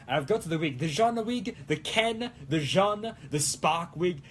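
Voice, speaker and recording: High-voiced young man in a hammy Italian put-on. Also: slight background noise. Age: young adult. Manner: goofy, rambling, self-mocking. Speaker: cosplay show host. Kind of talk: casual livestream chat, reading comments.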